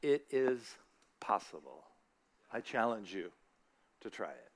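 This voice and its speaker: A middle-aged church speaker gives a casual, chatty sermon, asking the audience questions and reciting scripture. His voice is on the low side and slow, with big swings in pitch.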